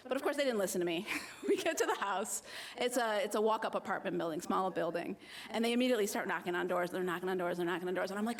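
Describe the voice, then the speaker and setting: An American woman in early adulthood telling a personal story at a live slam, animated and self-mocking, acting out the voices of the people she met. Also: mid-range voice, fast talker, hardly any pauses. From United States.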